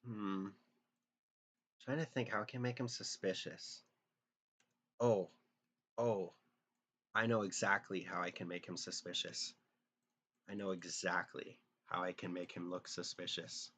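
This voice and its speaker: Low-voiced joking man streaming. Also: level tone, measured pace, long pauses, a bit bright, slight background noise. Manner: joking, self-deprecating, thinking aloud. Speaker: streamer drawing for viewers. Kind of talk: casual live-stream chat.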